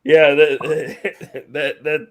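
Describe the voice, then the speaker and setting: A man's voice: a little high, flat delivery, drawn-out words. A man co-hosting a casual livestream chat, laid-back and stammering on restarts.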